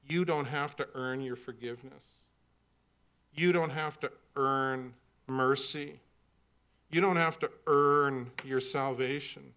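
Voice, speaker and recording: A man's voice: medium pitch, fairly even intonation, takes it slowly, fairly bright tone, clear, resonant tone. A middle-aged man preaching a sermon, earnest and building to emphatic peaks when he reads scripture. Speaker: pastor.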